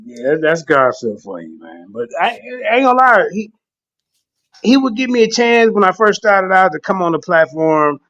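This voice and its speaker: Rambling high-voiced man on a livestream. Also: normal speed, no room sound. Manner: rambling, laughs often, jumps into high excited voices when quoting himself. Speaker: guest on a livestream talk show. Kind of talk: casual chat. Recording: dull lo-fi stream audio.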